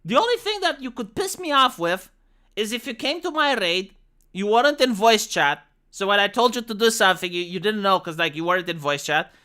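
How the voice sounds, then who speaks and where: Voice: mid-range voice, brisk. Blunt, profane streamer with a Romanian accent. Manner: blunt, profane, animated ranting. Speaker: streamer and former raid leader. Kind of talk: casual livestream rant.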